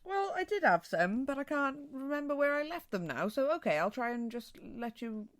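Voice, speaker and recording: A woman's voice: high voice, very animated, moderate pace. A Welsh woman co-hosting a podcast, telling stories in a dry, laid-back casual chat. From Wales. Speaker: podcast co-host.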